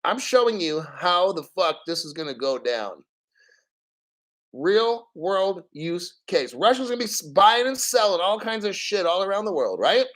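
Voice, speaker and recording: A man's voice: sits high, big pitch swings, a little slow, fairly bright tone. Profane, fired-up male crypto streamer. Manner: profane, emphatic, rhetorical questions. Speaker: crypto livestream host. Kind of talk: casual live-stream rant.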